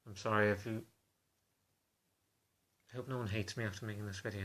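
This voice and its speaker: A man talking to camera in a confessional vlog, halting and self-conscious in a subdued, low-key way. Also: fairly even intonation, fairly bright tone. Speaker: vlogger.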